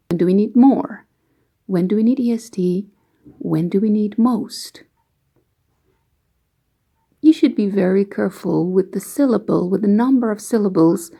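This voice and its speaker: A woman walks through grammar rules for learners with patient, careful pacing. Her voice is mellow and relaxed, and her pitch sits in an ordinary middle range. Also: vocal fry. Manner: slow, careful, patient explaining. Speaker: English teacher. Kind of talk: explaining grammar lesson.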